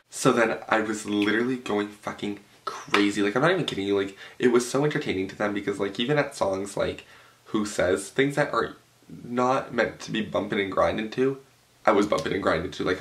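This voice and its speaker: A young man telling an animated, profane story at home, full of "like" fillers. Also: fairly low pitch, brisk, a little hiss or hum. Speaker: vlogger. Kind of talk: storytime vlog. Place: home room with a cloth backdrop.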